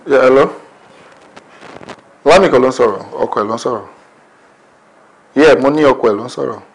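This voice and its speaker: A man's voice: medium pitch, fast, slightly rough. An actor playing a Nigerian man on a phone call, curt, mixing Yoruba and English.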